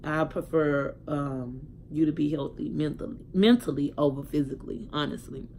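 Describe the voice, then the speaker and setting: A woman's voice: low voice, flat delivery, normal speed, darkish tone, a little hiss or hum. A young woman telling a casual story to her viewers, chatty and candid. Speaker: vlogger.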